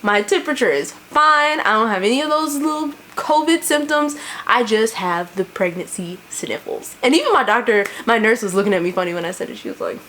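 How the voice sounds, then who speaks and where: A woman's voice: on the high side, animated, brisk, fairly bright tone, slight background noise. A young woman chatting casually to camera as a vlogger at home, laughing often and filling with "like" and "you know".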